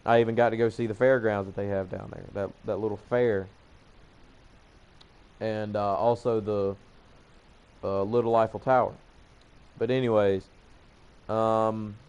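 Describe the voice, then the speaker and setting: A man's voice: lowish voice, darkish tone, clear, resonant tone. Profane, rambling Southern young man. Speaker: gaming channel host. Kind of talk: casual storytelling over gameplay.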